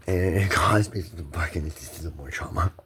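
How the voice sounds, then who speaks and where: A man's voice: low voice, normal speed, heavy background noise. A middle-aged man, emotional and shaky, rambling and repeating himself as he stumbles through a personal rant recorded on a handheld phone. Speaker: vlogger.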